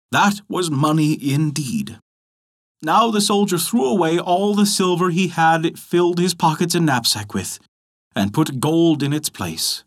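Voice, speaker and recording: A man narrating a folk tale as a storyteller, expressive and animated. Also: on the high side.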